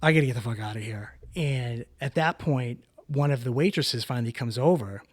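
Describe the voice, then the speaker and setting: A man's voice: mid-range voice, fairly quick. Swearing, rambling male podcast storyteller. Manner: swears freely, rambling with fillers and restarts; acts out other people's lines in a raised voice. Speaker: podcast co-host. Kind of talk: casual storytelling chat.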